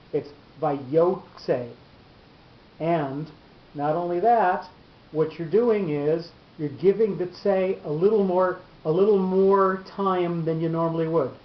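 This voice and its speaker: A man teaching a class on Torah cantillation, explaining patiently step by step and restarting his sentences often. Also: fairly high pitch. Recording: echoey lo-fi room recording.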